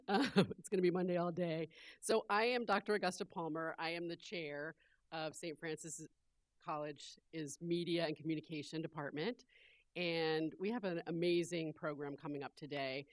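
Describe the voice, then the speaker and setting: Woman, low pitch, dry close sound, college event welcome, upbeat, friendly. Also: normal speed, no echo. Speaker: department chair welcoming the audience. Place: auditorium.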